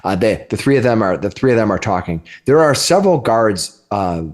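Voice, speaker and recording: Male game master, low, halting narration. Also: sing-song. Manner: halting, many restarts while describing.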